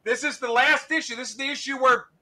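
A middle-aged man, a comic art dealer, giving a fast live sales pitch and repeating his prices. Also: steady tone, pushed and bright, rough recording.

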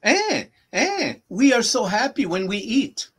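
A man with a husky, breathy voice teaches at an unhurried pace. He repeats each phrase patiently, and his pitch rises and falls in a lively way as he explains. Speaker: language teacher. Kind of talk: casual teaching chat.

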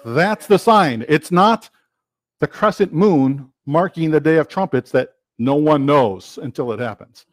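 A man preaching a sermon, quoting scripture and acting out questions and answers in lively back-and-forth. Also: fairly high pitch, unhurried, no echo, studio quality. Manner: animated, quotes scripture and acts out rhetorical dialogue.

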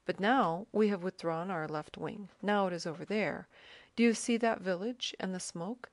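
A woman's voice: mid-range voice, moderate pace, dry recording, close to an everyday voice. A woman reading the lines of a self-assured male army officer who eagerly explains and points things out, in an audiobook. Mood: explaining.

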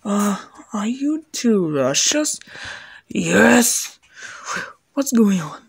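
A woman voicing every character of a homemade cartoon, excitable and broken in her phrasing, jumping between squeaky highs and gruff lows. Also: drawn-out words. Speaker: fan animator voicing all characters.

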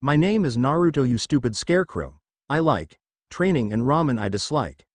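A man's voice: medium pitch, very animated, normal speed, no room sound. A man voicing a brash, hot-headed teenage boy ninja in a read-aloud fan story. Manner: brash and shouty.

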